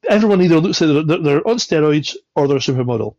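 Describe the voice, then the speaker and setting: This podcast guest talks fast and animatedly, his fairly high voice carrying a darkish tone. He's casually recounting a travel story, laughing and cursing along the way, recorded without echo but with a dull, lo-fi quality.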